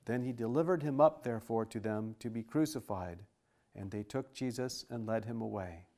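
A man reading scripture aloud in a steady, formal style with archaic wording. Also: fairly low pitch, moderate pace.

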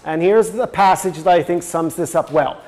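A man's voice: fairly high pitch, moderate pace, darkish tone, in a large hall. A man giving a religious teaching talk, explaining step by step and reading passages aloud. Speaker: presenter.

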